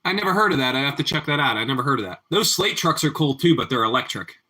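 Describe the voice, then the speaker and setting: Relaxed male stream host, bright clear tone, cooking at home, easy chatty talk. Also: mid-range voice, fast, slight background noise. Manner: relaxed, answers viewer chat, often repeats his phrases. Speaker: livestream host. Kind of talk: casual chat while cooking. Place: home kitchen.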